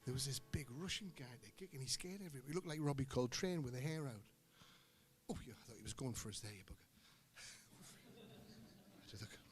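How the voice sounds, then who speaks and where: A middle-aged singer-guitarist telling rambling, joking stories between songs at a live gig. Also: male voice, medium pitch, expressive, fairly quick. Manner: joking, anecdotal storyteller. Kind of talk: rambling stage banter. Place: live music venue on stage. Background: guitar music.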